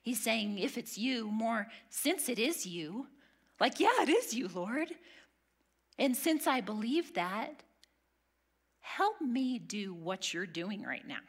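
A woman teaching a women's Bible study, earnest and emphatic, sometimes dropping to a hush. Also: fairly high pitch, big pitch swings, slow, slightly rough. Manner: earnest, emphatic, drops to a hush on key lines.

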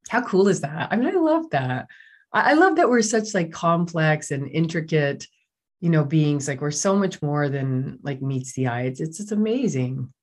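A woman's voice: deep voice, animated, moderate pace. A middle-aged woman, a doctor guest in an interview, talking in an enthusiastic, chatty way with many fillers. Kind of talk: casual interview talk.

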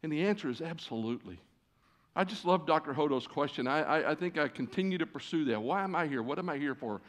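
A man's voice: fairly high pitch, animated, fast talker. A man in his sixties preaching a sermon from a church stage, folksy and self-deprecating, with many "uh" fillers. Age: 60s. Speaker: guest preacher. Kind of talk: sermon with storytelling. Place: church stage before a large congregation.

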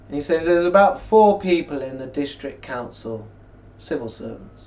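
A man's voice: fairly high pitch, animated, moderate pace, a little mellow. A man, talking casually and reading scripture aloud in a rambling, conversational way while seated indoors. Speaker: religious video blogger. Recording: distant mic, dull lo-fi sound.

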